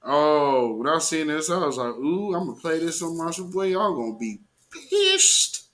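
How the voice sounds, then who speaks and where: A man's voice: on the high side, moderate pace. A man hosting a live commentary show, talking casually with slang, exclamations and mocking asides to his audience.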